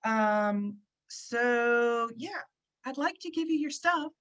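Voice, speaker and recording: Bright, excitable woman hosting a video call. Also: on the high side, slow pace, lo-fi sound. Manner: chatty, excitable, lots of fillers. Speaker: host of an online gathering. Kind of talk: casual chat. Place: at the beach, indoors.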